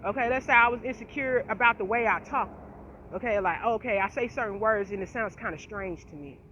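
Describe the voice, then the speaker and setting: A woman's voice: on the high side, a little fast, a bit bright. A woman vlogging to her viewers in a passionate, profane, emphatic rant, with a slight speech impediment. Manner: passionate, profane, emphatic, repeats "you feel me". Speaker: channel host. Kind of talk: casual direct-to-camera rant. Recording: slightly dull lo-fi audio with faint noise.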